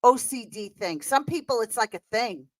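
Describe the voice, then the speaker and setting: A middle-aged woman with a thick New York accent, chatting casually, animated and rambling with lots of fillers and laughter. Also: on the high side, normal speed, dry recording, rough recording. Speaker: guest. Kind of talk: casual chat.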